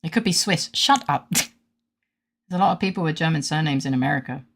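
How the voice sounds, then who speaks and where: Gravelly-voiced woman streamer, joking. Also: deep voice, brisk, pauses often. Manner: joking, giggly, reads game lines aloud. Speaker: streamer playing a game. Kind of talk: casual gaming stream commentary.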